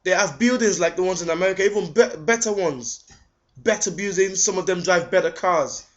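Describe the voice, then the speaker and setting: Through dull, lo-fi webcam audio, a high-pitched man speaks briskly in an indignant vlog response, peppering it with rhetorical questions and stumbling on repeated words.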